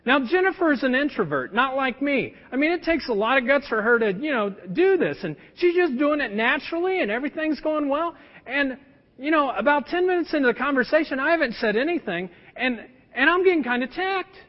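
A man's voice: extremely high pitch, animated, brisk. A middle-aged male pastor preaching a sermon, telling a personal story in a conversational way with plenty of fillers. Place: church sanctuary. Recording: dull lo-fi sound with long church reverb.

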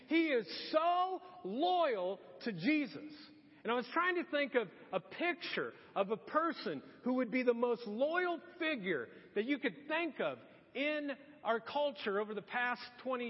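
A man preaching a sermon as a pastor, telling the story with animated quotes. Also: extremely high pitch, slightly rough. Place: church sanctuary. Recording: dull sound with long hall reverb.

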